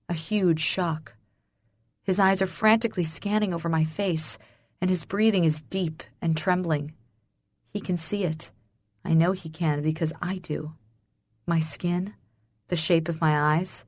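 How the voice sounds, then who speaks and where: A woman's voice: on the low side, no room sound. Emotional woman narrating a romance audiobook. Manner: emotional, breathless, intimate.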